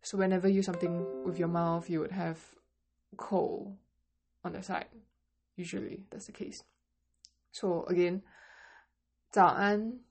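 A woman teaches basic Mandarin at an unhurried pace, her lowish voice carrying a gravelly edge. She models each phrase slowly and carefully, then explains it in plain English. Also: darkish tone. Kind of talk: language lesson.

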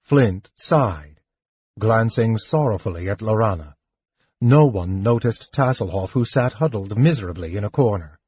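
A man narrating a fantasy audiobook in a slow, measured way. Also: fairly low pitch, expressive, a little mellow, slightly rough, no echo, lo-fi sound. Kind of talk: scripted narration.

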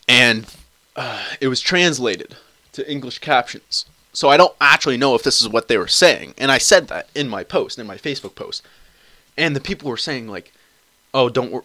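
A man's voice: mid-range voice, lively intonation, normal speed, bright, forceful tone, no room sound. A young man hosting his own podcast alone, talking in a rambling, crude way full of swearing and restarts on a cheap computer mic at home. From Canada. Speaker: podcast host. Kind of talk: casual solo podcast monologue.

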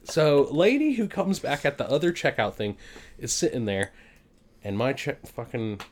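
A man, a podcast co-host telling a profane, animated story in casual chat. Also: mid-range voice, normal speed. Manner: profane, animated storyteller who acts out other people.

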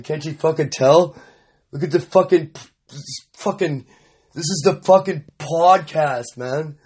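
A man's voice: a little high, darkish tone, slightly rough. A man hosting a solo comedy podcast, rambling crudely and profanely in a mock-boastful way. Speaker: podcast host.

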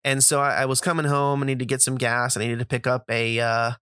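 A man's voice: medium pitch, little pitch movement, brisk, sharp tone, clear, resonant tone, dry recording, studio quality. A man hosting a podcast, telling a casual, profane story full of fillers and asides to his listeners. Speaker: podcast host.

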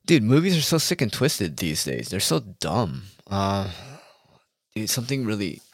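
A man's voice: fairly low pitch, very animated, measured pace, vocal fry, slightly rough, dry recording, studio quality. A man talking straight to his audience in a rambling, heated monologue, full of swearing. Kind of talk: casual ranting monologue.

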